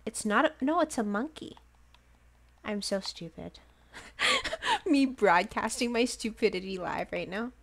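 A woman's voice: mid-range voice, expressive, moderate pace, creaky. A woman streaming a game live, chatting casually and giggling often, with lots of "like" fillers. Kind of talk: casual livestream chat while playing a game.

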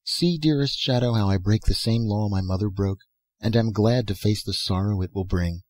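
A man reading aloud and voicing a gentle, mournful young woman from a dream world, speaking tenderly and softly. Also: lowish voice, moderate pace, no room sound, close to an everyday voice. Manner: tender, soft-spoken pleading.

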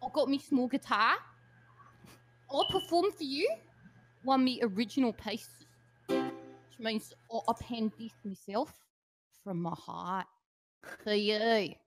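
A woman's voice: on the high side, slow, long pauses, soft background music. A woman voicing a brash young Australian wannabe singer with a broad Australian accent, talking in cocky slangy banter with broken grammar. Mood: boastful. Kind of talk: comedy sketch from a livestream.

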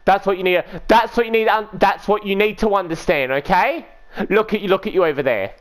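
A man's voice: high voice, a little fast. A man streaming a video game, trading items and indignantly repeating the same questions. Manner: indignant, repeats himself insistently. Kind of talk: live gameplay trading chat.

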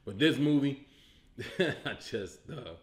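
A man from Illinois, a comedian hosting his own show, ranting about a movie in a loud, profane, incredulous way, breaking into laughs. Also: medium pitch, expressive, slow, roomy sound. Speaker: comedian host. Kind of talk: animated comedic movie rant.

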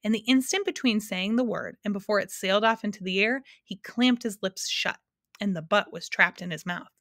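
A woman's voice: mid-range voice, moderate pace, a bit bright, dry recording, studio quality. Woman teacher reading aloud.

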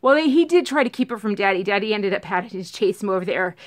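A woman casually telling a storytime on her vlog, rambling and animated, acting out what everyone said. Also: medium pitch, fast talker. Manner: rambling, animated retelling full of "like" and acted-out quotes. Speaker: vlogger telling a storytime about her cat.

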